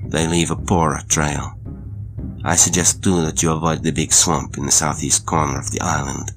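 A coldly courteous aristocratic hunter, read by a man for an audiobook. His voice sits extremely deep, and he speaks with polite, unhurried menace while faint music plays. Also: steady tone. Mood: courtly menace. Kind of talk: audiobook dramatic reading.

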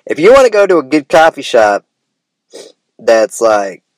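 A man's voice: medium pitch, big pitch swings, a little slow, dry recording. A man from Idaho hosting a casual solo podcast, rambling with enthusiasm and calling his listeners "man" and "bro". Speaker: podcast host.

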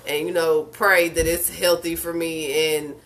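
A woman's voice: deep voice, little pitch movement, unhurried, fairly bright tone. A woman, co-hosting a casual podcast, talking bluntly and emphatically and swearing freely. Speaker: podcast co-host.

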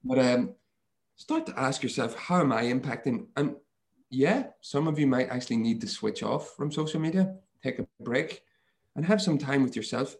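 A man talking as a guest on a podcast, a mindset coach who tells stories and acts out his own inner thoughts in lively quoted lines. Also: medium pitch, moderate pace. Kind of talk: casual podcast conversation.

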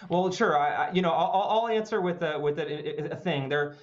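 A man answering a host in a broadcast interview, hesitant and measured, often restarting his sentences. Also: a little high, muffled recording. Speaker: interview guest.

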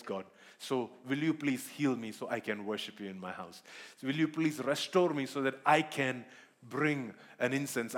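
A man preaching a sermon in church, earnest, repeating himself and asking the congregation questions. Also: mid-range voice. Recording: long hall reverb.

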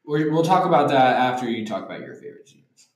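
A man's voice: mid-range voice, very animated, quick pace, very echoey, lo-fi sound. A man co-hosting a film podcast, chatting casually and eagerly and keeping the talk on track. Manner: eager, enthusiastic, steers the talk. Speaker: podcast co-host.

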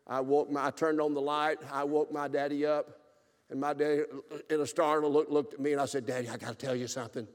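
A man in his seventies preaching a revival sermon, telling his own story and swinging from loud exclaiming to hushed, tearful telling. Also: on the high side, monotone, brisk, clear, resonant tone, in a large hall. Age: 70s. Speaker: pastor. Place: church sanctuary.

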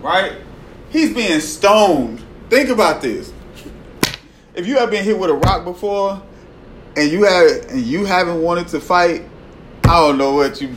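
A man delivers a sermon in a fairly high voice. He talks to his listeners conversationally and keeps checking in with "right?" His delivery swings from loud, pressing emphasis to near-hushed moments. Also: a little hiss or hum, rough recording. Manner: conversational, tags lines with "right?". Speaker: preacher.

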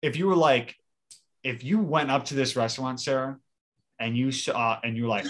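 A man in casual podcast chat, telling an everyday story in a rambling way. His voice is mid-pitched and plain, and he swears casually. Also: normal speed, fairly bright tone. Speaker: podcast co-host.

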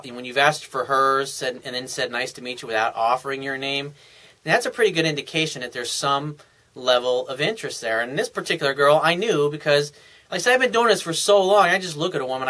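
A man's voice: medium pitch, sharp tone. A man giving casual dating advice, telling a story in a cocky, profane, rambling way. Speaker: dating coach.

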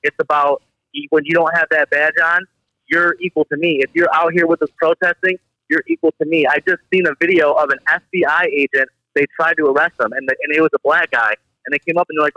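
A young man from the Detroit area talks in a casual podcast chat, his voice bright and forceful as he tells animated stories full of filler. The audio is dry and slightly dull, like a lo-fi home setup. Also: on the high side, fast, no room sound. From Detroit area, Michigan. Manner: animated storytelling, heavy filler words. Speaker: guest.

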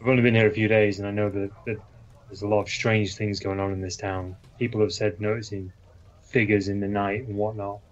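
Male player, low monotone, polite, lo-fi. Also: a little fast. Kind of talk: role-playing an investigator.

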